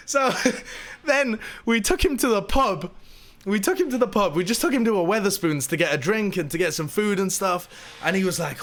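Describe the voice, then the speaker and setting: A man's voice: high voice, lively intonation, moderate pace, fairly bright tone. A man telling a rambling, laughing story to his live stream audience.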